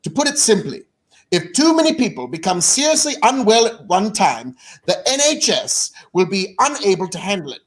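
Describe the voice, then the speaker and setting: A grave British politician addressing the nation in a slow, deliberate voice, as an American man puts him on. The voice sits fairly high, and the tone is solemn and weighty throughout. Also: big pitch swings. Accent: British English, put on. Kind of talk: impression of a speech.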